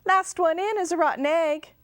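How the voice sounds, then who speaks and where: A woman voicing a boastful, excitable young girl in a storybook reading. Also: very high-pitched, moderate pace, dry recording, clean studio sound, voice pushed up. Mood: brash. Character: brash, showy young chick girl.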